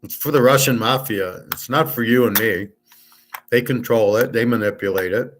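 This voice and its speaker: A man hosting a casual livestream, talking loud and clear on purpose, blunt and opinionated, rambling from one point to the next. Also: mid-range voice, moderate pace, a little hiss or hum. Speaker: sports handicapping show host. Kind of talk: casual livestream chat with viewers.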